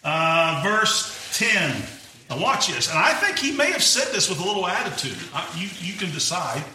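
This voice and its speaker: A middle-aged man preaching a sermon, emphatic and animated, with folksy asides and chuckles. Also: sits high, moderate pace, slight background noise. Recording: echoey room, mic far off.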